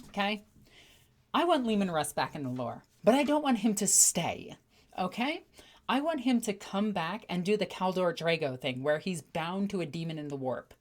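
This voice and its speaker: A woman chatting casually on a livestream, telling stories with animated energy and reading out viewer messages. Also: fairly low pitch, moderate pace. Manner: excitable, animated storytelling with acted-out voices. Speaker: streamer.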